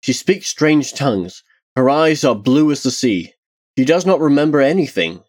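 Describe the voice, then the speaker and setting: A man's voice: on the high side, expressive, normal speed, a little mellow, voice pushed up, natural voice. A man voicing a fierce demanding village woman. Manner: harsh, demanding.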